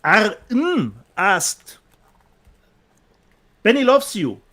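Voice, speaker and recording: A man's voice: sits high, sing-song, extremely slow, pushed and bright. A man with a German accent co-hosting a casual chat show, reading out viewer comments and laughing often. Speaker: co-host.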